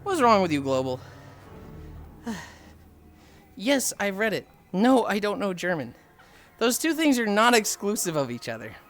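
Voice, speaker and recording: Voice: mid-range voice, big pitch swings, a little slow, long pauses, a bit bright, faint music behind. Sighing streamer talking while walking. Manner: exasperated, sighing often, reading and answering chat. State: tired from a long walk. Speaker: livestreamer chatting with viewers. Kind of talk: casual live-stream chat.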